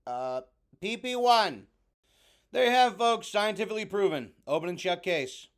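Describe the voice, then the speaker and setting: A brash fire-god wrestler cutting a furious promo, played by a man. His voice sits high and swings wildly as he blusters through his grievances. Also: lively intonation, moderate pace. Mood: indignant. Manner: ranting heel promo, blustering.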